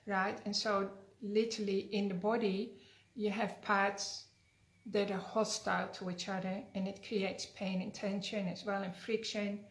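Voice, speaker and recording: A woman healer speaking in an earnest, conversational teaching manner, weaving in a fable. Her voice sits at a middle pitch. The recording has a roomy echo. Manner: earnest, conversational, frequent tag questions. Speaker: energy healer. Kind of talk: teaching talk with storytelling. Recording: echoey room.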